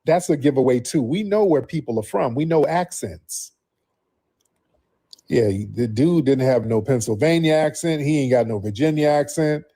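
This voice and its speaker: A man's voice: fairly high pitch, lively intonation, moderate pace, warm tone. A man hosting a call-in livestream, talking bluntly and mocking his callers. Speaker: livestream host. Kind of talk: livestream commentary.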